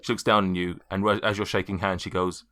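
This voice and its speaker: Low bright-toned male game master. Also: little pitch movement, fast. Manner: rambling, filler-heavy narration. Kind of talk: narrating a tabletop game.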